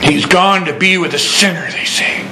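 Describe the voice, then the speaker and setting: A man preaching a sermon, telling a story and rising into excited preaching. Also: sits high, normal speed, reverberant, noisy background.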